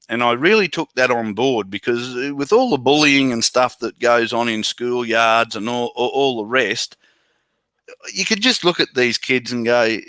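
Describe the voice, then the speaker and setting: Bright-voiced Australian man, self-deprecating. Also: mid-range voice, lively intonation, dry recording. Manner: self-deprecating, halting with many restarts. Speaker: children's entertainer and bush poet. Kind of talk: casual interview over video call. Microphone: video call.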